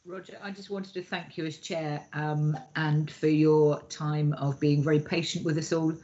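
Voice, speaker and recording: A man speaks as a councillor over a video call in a monotone. His tone is dark and mellow, and the audio sounds muffled. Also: fairly high pitch, moderate pace.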